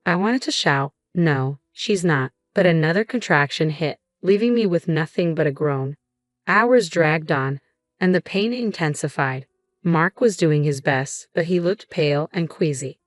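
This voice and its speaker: A woman reading a scripted first-person story in an even, measured way. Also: sits low, no echo, studio quality. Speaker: narrator.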